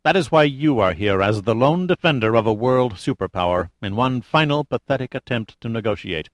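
A man's voice: mid-range voice, expressive, a little fast, dry recording, lightly acted. A man playing a menacing, grandiose cult leader. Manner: cold, commanding, contemptuous.

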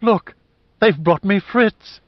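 A man's voice: mid-range voice, normal speed, dry recording, lightly acted. A man reading the lines of an emotional, teasing older wife, voiced lightly and close to his own voice, on a dull dry recording. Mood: overjoyed.

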